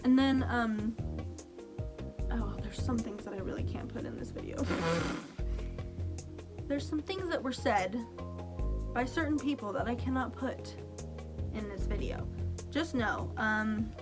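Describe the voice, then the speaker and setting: A young woman vlogging, telling a story to camera in a chatty, animated way, laughing often and saying "like" a lot. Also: a little high, a little slow, long pauses, loud music behind the voice.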